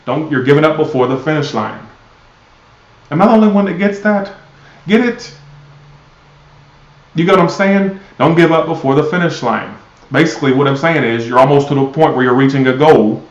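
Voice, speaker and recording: Blunt male tarot reader, sarcastic and profane, mid-pitched, roomy lo-fi sound. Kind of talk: live tarot reading.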